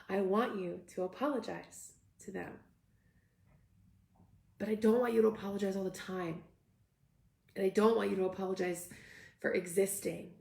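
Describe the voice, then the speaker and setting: A woman's voice: lowish voice, gravelly, mellow, roomy sound. A young woman hosting a casual live stream, reading viewer comments aloud and reacting with upbeat energy. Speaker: host.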